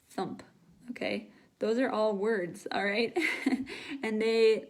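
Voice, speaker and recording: A young woman leads an online English class at an unhurried pace. She explains each word patiently and acts out the sounds herself. Her voice sits in a middle register. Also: medium pitch, a little mellow. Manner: slow, patient, demonstrates sounds aloud. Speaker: English teacher. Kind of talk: live online English lesson.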